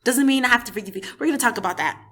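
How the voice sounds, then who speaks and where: A young woman giving a blunt, animated, profane show review as a casual vlog. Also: a little high, very fast, husky. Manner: animated, blunt, swears freely.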